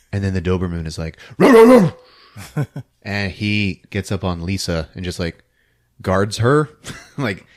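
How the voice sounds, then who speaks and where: A man's voice: deep voice, slow, pauses often. A man hosting a podcast, recapping a film in casual, giggly storytelling. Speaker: podcast host.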